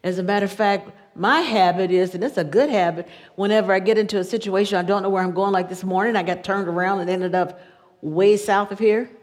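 A woman giving a relaxed, chatty sermon in a folksy tone, often breaking into laughter. Her mid-pitched voice carries a long church reverb. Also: a little fast. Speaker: church speaker. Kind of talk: conversational sermon.

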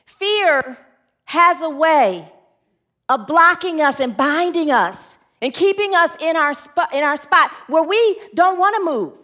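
High-voiced lively woman preaching. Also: slow. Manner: lively, laughing, conversational. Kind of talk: sermon with a comic story.

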